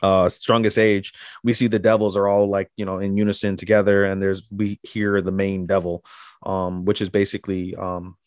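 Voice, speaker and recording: Man, podcast host, casual anime recap, profane, rambling, fairly low voice, dry sound. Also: flat delivery, moderate pace, a little mellow, dry recording. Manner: rambling, profane, with lots of fillers and restarts.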